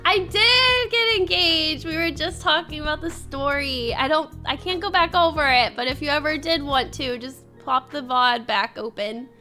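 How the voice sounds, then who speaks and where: Young female streamer, casual chat and giggly storytelling, a bright voice with faint music behind it. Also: high voice, moderate pace, few pauses. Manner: reads chat and thanks viewers.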